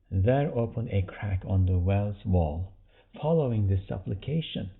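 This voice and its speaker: A man's voice: fairly low pitch, lively intonation, a little slow, vocal fry. A man teaching a religious commentary podcast, reading a passage aloud and then explaining it in plain words, with rhetorical questions. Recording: tinny phone-like audio.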